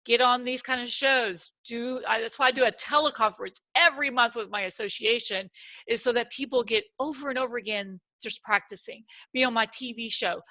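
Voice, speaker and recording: A woman with a bright, forceful, fairly high voice tells stories from her career in conversation. She is animated and acts out her own excited lines. The sound is dry and close. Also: brisk, dry recording. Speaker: guest speaker. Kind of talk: lively storytelling in conversation.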